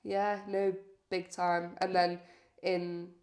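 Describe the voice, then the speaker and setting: A woman with a northern English accent, chatting casually as a podcast guest and agreeing often with quick repeated yeahs. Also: lowish voice, level tone, darkish tone. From northern England. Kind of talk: casual chat.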